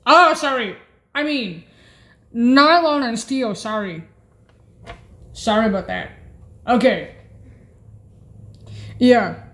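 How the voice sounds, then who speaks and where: A woman explaining keyboard voice settings in a casual way, halting and often correcting herself and apologizing. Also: fairly high pitch, animated, fairly bright tone. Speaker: keyboard instructor.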